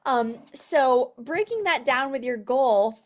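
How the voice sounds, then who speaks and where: Young female sales trainer, live online session, bubbly and chatty, slightly high voice. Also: animated, slow. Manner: upbeat and chatty, many fillers and "you guys".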